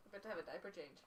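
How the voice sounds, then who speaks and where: A woman chatting casually with her husband at home, playful and quick to giggle. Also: mid-range voice, far from the mic. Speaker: streamer's wife and mother. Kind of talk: casual family chat. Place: home room.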